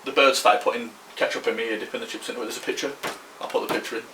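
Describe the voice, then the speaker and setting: A man's voice: medium pitch, fairly even intonation, rapid-fire, sharp tone, reverberant, distant mic, slight background noise. A man, telling a rambling story on a podcast, slangy and swearing freely. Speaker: podcast co-host. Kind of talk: casual storytelling.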